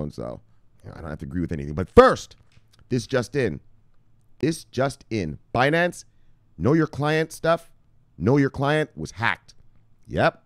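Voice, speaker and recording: A man hosting a casual crypto news show, swinging between loud hype and low, muttered anger, calling his viewers brothers. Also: dry recording, studio quality. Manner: calls viewers brothers, punchy catchphrases like bang and look look.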